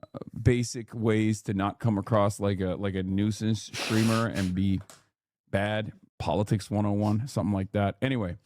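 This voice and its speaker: A man's voice: lowish voice, fairly even intonation, moderate pace, a little mellow, no room sound. A man in a played clip, speaking casually and thoughtfully, now and then trailing off. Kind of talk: casual talk.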